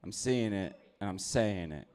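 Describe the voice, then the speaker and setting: A young man doing a stand-up set at a comedy club on a handheld mic, telling his stories in a laid-back deadpan way. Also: on the low side, a little slow, clear, resonant tone.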